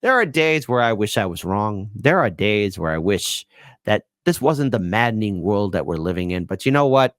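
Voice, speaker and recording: A man hosts a live-stream political commentary show, delivering his points with sarcastic, mocking glee. His pitch swings widely from line to line. The sound is dry and close, with no room echo. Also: very animated, normal speed. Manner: sarcastic, mocking, laughs at his own jokes.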